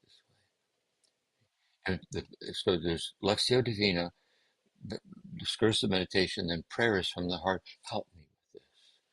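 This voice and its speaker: A man speaking as a guest, giving a gentle, meditative talk on contemplative prayer and often circling back to repeat his phrases. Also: deep voice, a little slow, pauses often, dry recording, poor audio. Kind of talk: reflective spiritual teaching.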